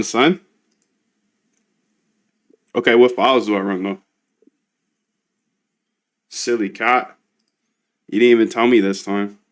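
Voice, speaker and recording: Guy coding on stream, talks to himself a lot, slangy, keeps saying dude. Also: mid-range voice. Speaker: trading bot developer and streamer. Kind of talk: casual live coding talk.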